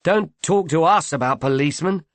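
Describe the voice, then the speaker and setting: A man's voice: fairly high pitch, normal speed, no room sound, voice pushed up, lightly acted. A man voicing a playful, witty young man who proposes with theatrical flair. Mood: jaunty. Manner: teasing, theatrical.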